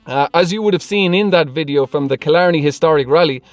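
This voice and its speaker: A man with a high voice chats through viewer comments in a laid-back vlog, laughing often between remarks. He is recorded dry and close, with faint music behind him. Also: fast, no echo. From Ireland. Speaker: car vlogger. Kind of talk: casual Q&A vlog, reading comments.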